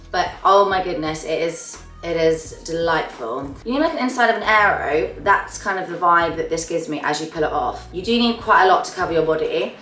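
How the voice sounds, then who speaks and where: A young beauty vlogger with a lowish, fairly bright voice gushes to camera over her monthly favourites, often trailing off as she finishes phrases. It's a casual chat recorded from a distance, roomy and slightly off mic, with music faintly audible.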